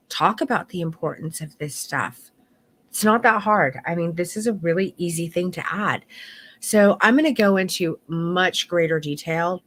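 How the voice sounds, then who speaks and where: A middle-aged woman runs an online photography course, speaking from the heart with candor and an occasional curse. Her voice sits low.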